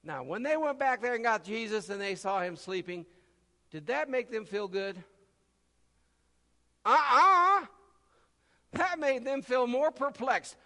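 A man preaching a sermon, swinging from loud cries to low murmurs and acting out the voices of people in his stories. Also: very animated, a little slow, pauses often, long reverb tail.

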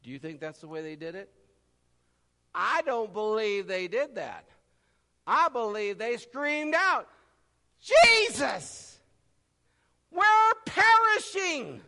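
A man delivers a sermon in a high, bright voice that leaps widely up and down, crying out one moment and dropping to a murmur the next. He acts out the voices of the people in his story. The sound rings in the long reverb of a large church hall. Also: animated, unhurried, long pauses. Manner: swings from loud cries to low murmurs, acts out voices. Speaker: preacher.

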